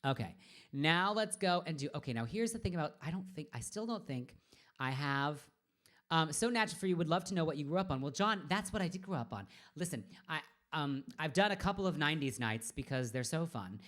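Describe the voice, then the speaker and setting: A woman's voice: low-pitched, animated, brisk. A woman in her forties chatting casually on a live stream as a drag performer, rambling and trailing off into murmurs and whispers. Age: 40s.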